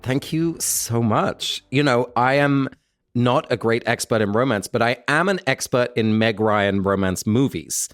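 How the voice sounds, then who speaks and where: A guest co-host chats on a podcast, giggling often and sounding warm and eager. The talk is loose and conversational, with a mid-range voice. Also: medium pitch, measured pace, soft background music. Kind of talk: casual chat.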